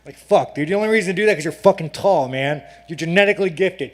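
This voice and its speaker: A man's voice: a little high, fast, hardly any pauses. A male fighter answering reporters at a media day scrum, brash and profane, ranting and laughing between answers.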